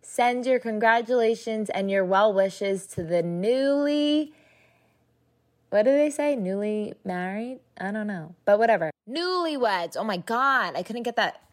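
A woman's voice: on the high side, animated, unhurried. Gushing woman podcast host. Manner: gushing, effusive, casual swearing. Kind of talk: casual podcast chat.

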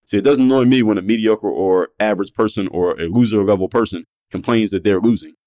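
Brash, fast-talking low-voiced man. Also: darkish tone. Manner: brash, profane, rhetorical questions. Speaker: podcast host. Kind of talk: blunt motivational monologue.

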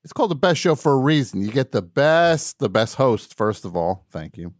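A man hosting a live call-in radio show, wry and mock-boastful, dropping to quiet mumbles and rising to shouts. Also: mid-range voice, sing-song, moderate pace, no echo, clean studio sound.

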